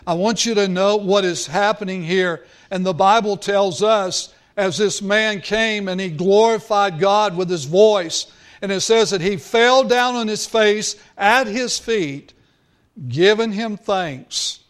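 A man's voice: high-pitched, takes it slowly, fairly bright tone. A male pastor preaching a sermon, earnest, drawing out key words for emphasis.

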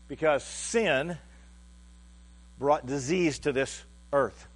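Halting, heartfelt male pastor preaching. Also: on the high side. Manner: halting, repeats words, heartfelt storytelling. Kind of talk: sermon.

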